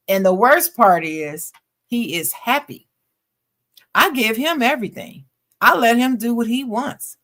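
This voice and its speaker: A woman co-hosting a podcast reads a listener's letter aloud expressively, now and then breaking off for casual, slangy asides. Her voice is medium-pitched and her pace measured.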